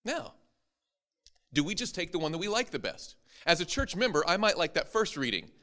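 A man's voice: fairly high pitch, very animated, brisk, pushed and bright. A man, a preacher, teaching an interactive Bible class to a live audience, joking and quizzing them as he goes.

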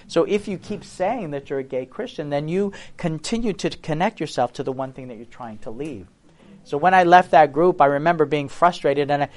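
This is a man giving a preaching testimony, his voice sitting a little higher than most men's. He speaks earnestly and with emphasis, often turning to the listeners with rhetorical questions.

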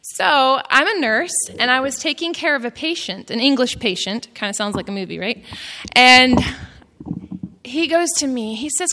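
A woman's voice: sits high, expressive, moderate pace, pushed and bright. A woman from Texas with a Texan accent, giving a folksy, chatty gardening class presentation with plenty of giggles and self-deprecating humor. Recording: reverberant hall.

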